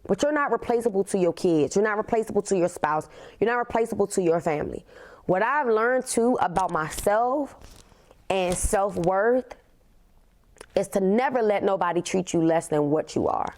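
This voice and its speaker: A woman, hosting a podcast and telling a personal story in an emphatic way, often leaning on "literally" and slowing down on key words. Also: mid-range voice, lively intonation, darkish tone. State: tearful. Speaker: podcast host.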